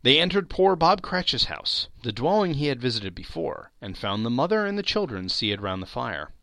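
A man giving a dramatic reading of a classic novel, telling the story with lively expression. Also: mid-range voice, normal speed, no echo. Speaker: reader.

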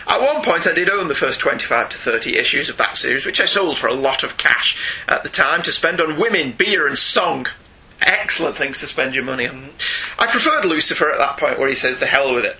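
A man's voice: medium pitch, sharp tone, rough recording. A man co-hosting a comics podcast, reading listener emails aloud in a chatty way and laughing often. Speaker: podcast co-host.

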